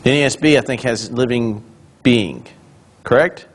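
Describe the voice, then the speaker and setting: A pastor leads a Bible class in an easy, conversational manner. He explains a point, then turns to the room with questions, his voice sitting at an ordinary middle pitch. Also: measured pace, husky. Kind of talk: conversational Bible study teaching.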